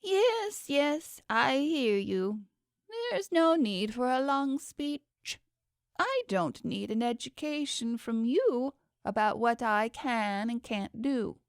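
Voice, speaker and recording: A woman's voice: on the high side, expressive, dry recording, studio quality, pitched above the performer's own voice. A woman voicing a pompous, impatient male underworld god who tries to sound royal. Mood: irritated. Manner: haughty, drawn-out, trying to sound royal. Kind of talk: audiobook character voice.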